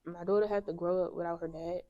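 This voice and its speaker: A young woman speaking as an interview guest, halting and emotional as she talks about a painful loss. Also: fairly low pitch, fairly even intonation, highs cut off. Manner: soft-spoken, halting, grieving. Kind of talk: emotional personal conversation.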